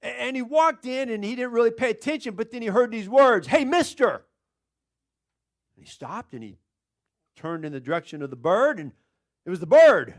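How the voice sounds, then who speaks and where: A male pastor preaching a sermon, telling a story in an animated, chuckling way. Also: very high-pitched, a little fast.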